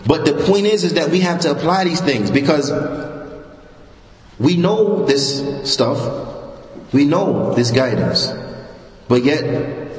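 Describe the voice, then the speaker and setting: A man with a New York accent giving a religious lecture in a mosque, talking in a conversational, repetitive way and asking the audience questions. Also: medium pitch. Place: mosque hall. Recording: echoey hall with long reverb.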